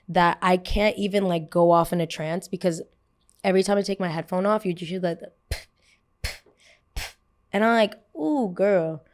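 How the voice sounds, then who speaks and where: A woman hosting a podcast and telling a story in a casual, chatty way. Her voice sits a little low. She talks fast and keeps the story moving with lots of "like" and quick asides. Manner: animated, fast, full of "like". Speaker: podcast host.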